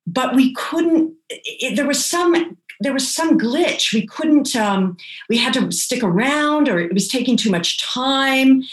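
A woman telling personal stories in a lively, casual way, acting out the voices of the people she quotes. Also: high voice, slow. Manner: animated, acts out quoted voices. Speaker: guest. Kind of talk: casual anecdotal storytelling. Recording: roomy echo.

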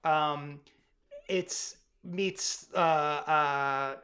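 A podcast co-host in casual chat, rambling excitedly with many "like"s and restarts. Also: mid-range voice, very slow. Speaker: parent.

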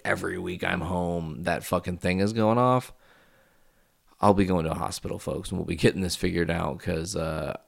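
A man's voice: sits low, creaky. A man in his thirties telling a rambling, profane personal story to his viewers in a casual vlog. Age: 30s. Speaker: vlogger.

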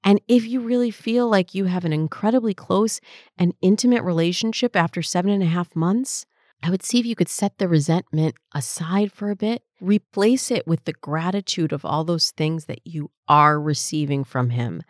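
A woman's voice: lowish voice, normal speed, no room sound, studio quality. A woman in her forties hosting an advice podcast, answering listener questions as a dating coach in a reflective, conversational way.

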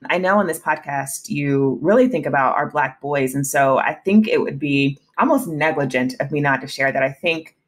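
A woman in her thirties appears as a podcast guest in a casual interview, speaking candidly and at times emotionally, often restarting and laughing. Her voice is low-pitched, her pace moderate, with hardly any pauses.

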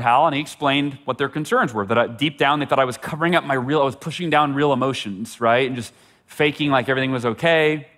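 A man's voice: medium pitch, fairly bright tone. A middle-aged man telling a personal story as a motivational speaker, earnest and often repeating words for emphasis. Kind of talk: storytelling talk.

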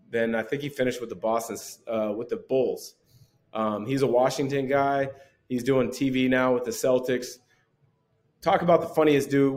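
Man, forties, podcast guest, animated storyteller, chuckles, mid-pitched voice. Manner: animated anecdote-telling, chuckles often. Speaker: podcast guest, former pro basketball player. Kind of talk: casual storytelling.

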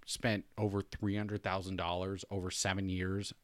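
A man co-hosting a casual podcast chat, telling stories in an animated, profane way. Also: low-pitched, dry recording. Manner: animated storyteller, profane, quick backchannels. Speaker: podcast co-host.

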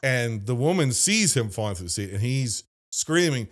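Animated profane man from Ohio. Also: mid-range voice, normal speed, background noise. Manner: animated storyteller, profane, mimics squealing voices. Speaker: podcast host. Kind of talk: casual movie podcast chat.

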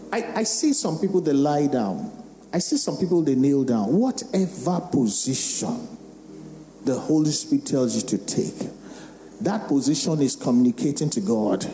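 A man preaches a sermon, his voice high and mellow. He keeps putting questions to the congregation. The sound carries through a reverberant worship hall with soft music underneath. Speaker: pastor. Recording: echoey hall with faint music.

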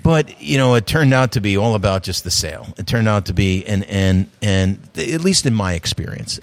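Low-voiced man telling stories, dry sound. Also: no room sound. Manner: animated storyteller, acts out quoted conversations; frequent repeated starts. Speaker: restaurant chief executive guest. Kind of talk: conversational storytelling interview.

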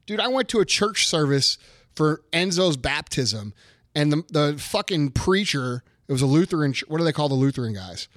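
Brief: high-voiced man in his thirties, profane heated rant, bone-dry close sound. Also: animated, moderate pace, a bit bright, no room sound. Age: 30s. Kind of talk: casual chat.

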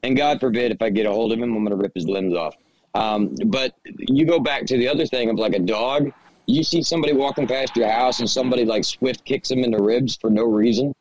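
A man's voice: medium pitch, brisk, darkish tone, poor audio. A man co-hosting a casual podcast, giving blunt, profane opinions with stammered restarts. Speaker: podcast co-host.

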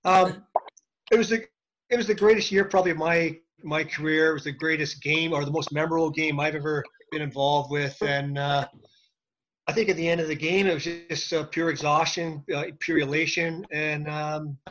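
A former hockey player reminiscing earnestly, halting over his words. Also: fairly high pitch, fairly even intonation, a bit bright. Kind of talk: casual reminiscing. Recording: dull, slightly noisy line.

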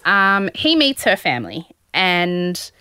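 A woman's voice: on the low side, sing-song, slow pace, bright, forceful tone, clear, resonant tone. A young woman hosting a podcast, casually recapping a show with sarcastic asides and acted-out quotes. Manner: sarcastic storytelling, acting out quotes. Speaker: podcast host.

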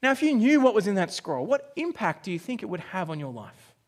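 A man's voice: sits high, very animated, brisk. An Australian man in his forties preaching a sermon, telling a personal story and acting out his own reactions. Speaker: pastor.

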